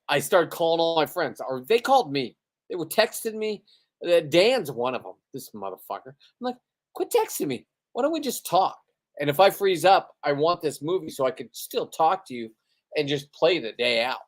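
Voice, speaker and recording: Man, casual livestream host, a bit buzzed, profane and boastful, rambling off the cuff. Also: a little high. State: tipsy after beers and an edible. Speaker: livestreaming spearfisherman.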